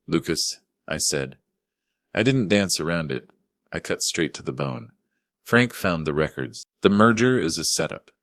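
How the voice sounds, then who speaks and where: Very deep-voiced male story narrator. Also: no room sound, clean studio sound. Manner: grave, forceful. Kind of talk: first-person dramatic story narration.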